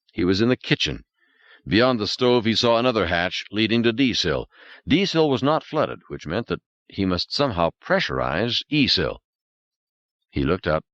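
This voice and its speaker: Low-voiced male narrator, dramatic delivery. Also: fairly bright tone, dry recording, muffled recording. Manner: dramatic, suspenseful reading. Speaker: audiobook narrator. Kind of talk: scripted narration.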